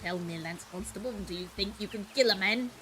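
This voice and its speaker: A woman's voice: mid-range voice, fairly quick, a bit bright, a little hiss or hum, voice pushed down, lightly acted. A woman voicing a Cockney man who tries to sound posh, stiff and commanding. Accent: Cockney put-on.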